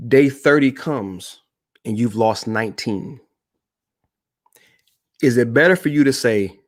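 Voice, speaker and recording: A man's voice: mid-range voice, takes it slowly, long pauses. A man speaking as a motivational speaker on a live-stream broadcast, emphatic and repeating key phrases while addressing the audience directly.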